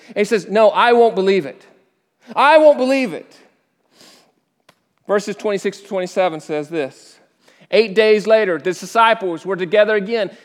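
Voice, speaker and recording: A man preaching a sermon, reading scripture dramatically with sudden rises and hushed drops. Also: sits high. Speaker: pastor. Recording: echoey hall.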